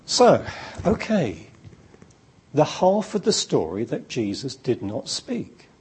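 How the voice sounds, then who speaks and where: A man's voice: medium pitch, huge pitch swings, slow, darkish tone, breathy edge. A man preaching a sermon in an emphatic, repetitive, storytelling manner.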